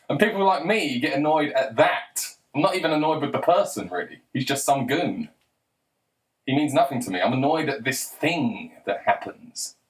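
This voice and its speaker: A man's voice: medium pitch, expressive, moderate pace. A man in his forties delivering a sarcastic, exasperated commentary rant. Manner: sarcastic, exasperated, mocking voices for quotes. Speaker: commentary vlogger. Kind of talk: ranting commentary monologue.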